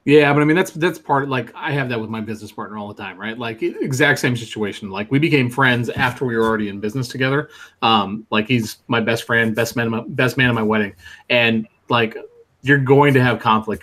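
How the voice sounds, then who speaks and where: A man's voice: medium pitch, fairly quick, a bit bright. A man co-hosting a podcast, talking casually and easily about business partnerships. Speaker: podcast co-host. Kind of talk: casual chat.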